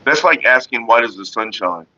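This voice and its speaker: A man speaks at a moderate pace in a mid-range voice, answering viewers on his casual vlog from Northern California. His manner is laid-back, rambling, and profane as he talks about staying calm, and the sound is dull and lo-fi.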